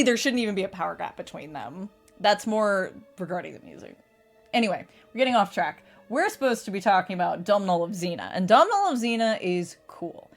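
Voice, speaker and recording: A young adult woman streaming a casual chat, laughing often and swearing casually. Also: medium pitch. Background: faint music.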